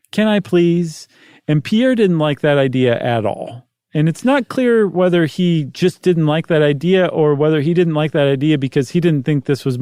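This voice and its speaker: A man with a somewhat high voice who lays out the facts of a history story in relaxed podcast talk. He walks through events step by step with small asides. The recording is dry and close. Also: dry recording. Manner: explanatory, recaps facts with asides. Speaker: podcast co-host. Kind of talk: casual storytelling chat.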